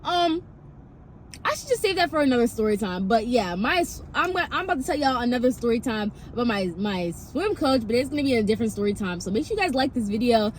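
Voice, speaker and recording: A twenty-year-old woman telling a casual story time, rambling with lots of filler, swearing and sudden pitch jumps. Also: animated, quick pace, slight background noise. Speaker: vlogger.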